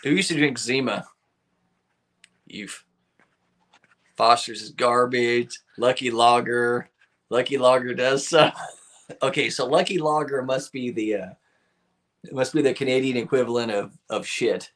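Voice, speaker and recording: A man's voice: medium pitch, a little slow, long pauses, a bit bright. A man hosting a live stream, chatting casually with viewers, rambling, laughing often and swearing freely.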